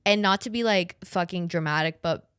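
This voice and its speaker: A young adult podcast host speaks in a lowish, fairly bright, clear and resonant voice at a moderate pace, with no echo. Her casual chat meanders, laced with casual profanity and frequent "like".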